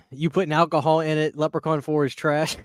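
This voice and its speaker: A man's voice: on the high side, flat delivery, clean tone. Laid-back man hosting a podcast. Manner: laid-back, laughs often, drawn-out fillers. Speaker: podcast host. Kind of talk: casual chat.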